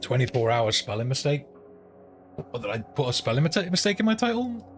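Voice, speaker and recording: A man's voice: medium pitch, a little fast. A man streaming a game, telling a long story in rambling, profane casual chat. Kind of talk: casual chat while gaming. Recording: steady background noise.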